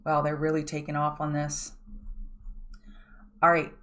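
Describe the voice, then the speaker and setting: Deep, monotone and unhurried, with a slight brightness, this woman leads a pre-market trading show. She guides viewers through a live chart analysis in a direct, coaching style, frequently urging them to look at the chart.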